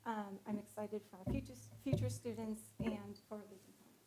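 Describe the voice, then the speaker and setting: A woman's voice: mid-range voice, fairly even intonation, a little fast, heavy background noise. A woman school guidance counselor presenting at a board meeting, emotional and close to tears. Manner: emotional, gets choked up. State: teary.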